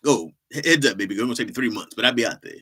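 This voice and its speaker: A man voicing a doting older father, loud, eager and reassuring as he rushes to his daughter. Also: mid-range voice, expressive, husky, exaggerated voice.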